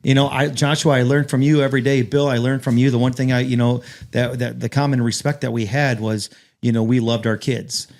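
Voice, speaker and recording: A man's voice: medium pitch, little pitch movement, fairly quick, darkish tone. A man hosting a casual roundtable conversation, speaking earnestly and often repeating words as he builds up to a point.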